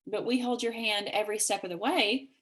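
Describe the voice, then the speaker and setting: A woman from Kentucky with a Southern accent, giving an energetic, chatty sales pitch over a video call and acting out quoted messages with big jumps in pitch. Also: a little fast. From Kentucky, USA. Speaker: network marketing presenter.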